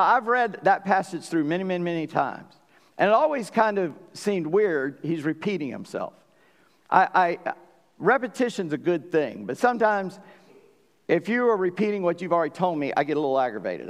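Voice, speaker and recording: A male pastor preaching a sermon in an easy, folksy way, checking in with his congregation as he goes. His voice sits a little high for a man and rings out with the long reverb of a church sanctuary. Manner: folksy, conversational, asks the congregation for agreement.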